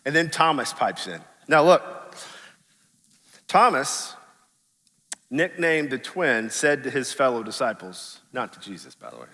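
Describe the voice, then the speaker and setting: A man's voice: medium pitch, very animated, unhurried, pushed and bright, big-room sound. A man, a pastor, preaching a sermon in a casual storytelling way, acting out the people in the story. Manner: casual storytelling, acts out quotes in voices. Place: church sanctuary.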